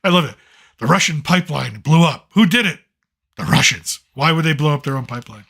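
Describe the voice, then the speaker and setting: A man's voice: a little high, expressive, a little fast, gravelly, sharp tone, slightly rough. A man hosting a late-night commentary show, ranting in a blunt, sarcastic, rambling way with some profanity.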